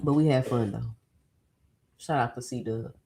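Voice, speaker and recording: A woman's voice: extremely low pitch, unhurried, vocal fry, slight background noise. Woman with a slightly sore throat, chatty. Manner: chatty, animated, slangy. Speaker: boxing commentary host. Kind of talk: casual vlog commentary.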